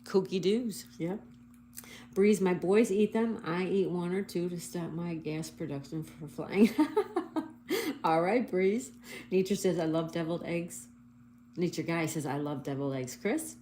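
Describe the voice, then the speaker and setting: A woman hosting a casual livestream, reading viewer comments and slowly spelling out crossword answers letter by letter. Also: lowish voice, warm tone, slight background noise. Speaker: livestream host.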